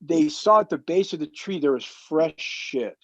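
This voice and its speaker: A lively storytelling man with a slightly higher voice than most, who slips into the voices of the people in his tale. The sound is dry and dull, with no room around it and little top end. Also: a little slow, no room sound. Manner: animated storyteller who acts out quotes. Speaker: roundtable guest. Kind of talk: casual storytelling.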